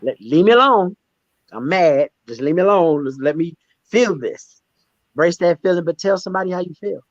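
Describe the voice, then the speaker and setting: Emphatic man with a bright lifted voice. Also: moderate pace, dry recording, highs cut off. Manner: emphatic, repeats words and restarts, animated pitch swings. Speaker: stand-up comedian and guest. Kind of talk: candid conversational storytelling.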